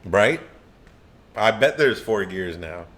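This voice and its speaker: Laid-back man with a lively voice. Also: lowish voice, slow. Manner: laid-back, agreeable, frequent backchannel. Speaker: co-host. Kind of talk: casual comedic chat.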